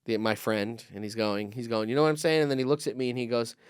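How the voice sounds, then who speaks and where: Smooth-voiced man telling a rowdy story. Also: mid-range voice, fast talker, no echo, studio quality. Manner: animated, profane, acts out the people in his stories. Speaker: comedian podcast co-host. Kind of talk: casual comedic storytelling.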